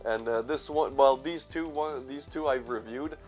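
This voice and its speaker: A man's voice: mid-range voice, normal speed, darkish tone, faint music behind. A young man hosting a casual vlog, stuffy from allergies, rambling, self-mocking, swearing and laughing as he goes. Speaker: horror movie channel host.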